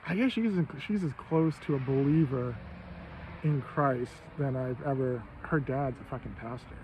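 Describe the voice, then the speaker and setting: A man in his fifties from Maine, talking in a rambling, profane casual monologue with loud bursts of emphasis. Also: mid-range voice, normal speed, slight background noise, low-quality recording. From Maine, USA. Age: 50s. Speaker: host.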